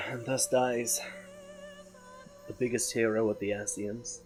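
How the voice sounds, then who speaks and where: A young man streaming a game, chatting casually with viewers, excitable and swearing freely. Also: mid-range voice, slow. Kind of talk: casual live-stream chat while gaming. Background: game music.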